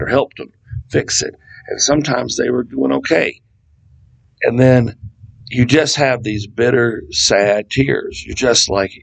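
A man's voice: fairly low pitch, creaky, poor audio. A man leading a casual Bible study, talking conversationally with asides and reading scripture passages aloud. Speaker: Bible teacher.

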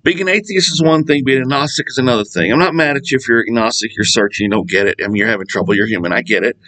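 A middle-aged Bible teacher talks through scripture in a loose, casual study session, animated and unscripted, wandering onto tangents and laughing at his own jokes. His mid-range voice runs very fast in a low-quality recording.

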